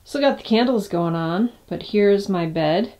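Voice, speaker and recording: A woman vlogging in a small cabin, relaxed and unhurried, sometimes dropping to a whisper and talking softly to her dog. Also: medium pitch, heavy background noise. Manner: drops to a whisper at times. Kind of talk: casual vlog narration. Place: small off-grid wooden cabin, indoors.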